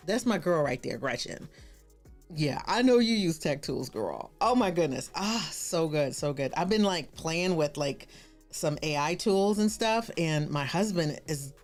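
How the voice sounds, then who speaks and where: Woman hosting a live stream, super animated and chatty, lower voice that jumps around a lot. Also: a little slow, soft background music. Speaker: livestream host and branding coach. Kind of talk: casual live-stream chat.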